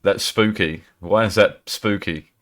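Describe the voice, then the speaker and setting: Brit streamer guy, lowish voice, swears a lot, loose chatty talk. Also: unhurried, fairly bright tone. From Britain. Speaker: livestreamer. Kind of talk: casual live-stream chat.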